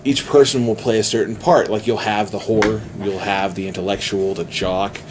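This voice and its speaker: A man in casual podcast chat, retelling a movie plot excitedly with many restarts. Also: on the low side, moderate pace, background noise. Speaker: podcast host.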